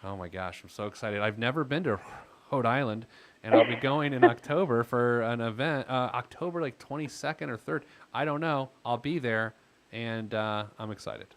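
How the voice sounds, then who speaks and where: A male podcast host in an easygoing advice chat with a caller. His voice sits at an ordinary middle pitch, and he talks casually, sprinkling in filler words as he goes. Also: normal speed. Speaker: podcast host and financial planner.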